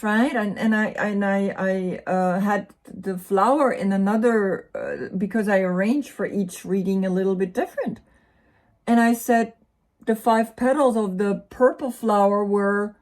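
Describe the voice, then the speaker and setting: A woman with a German accent and a mid-range, darkish voice gives a casual tarot reading. She rambles and often repeats words.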